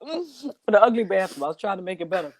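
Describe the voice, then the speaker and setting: This guest singer speaks at a quick pace in a medium-pitched voice with a breathy edge. Full of energy, she tells a humorous story, laughing and doing different voices along the way.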